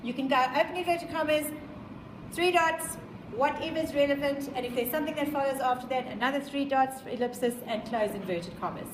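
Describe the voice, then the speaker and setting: A woman's voice: high voice, a little fast, echoey room, background noise. A woman with a South African accent who teaches a class in an emphatic way, repeating her points and quizzing her students. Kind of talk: classroom lecture.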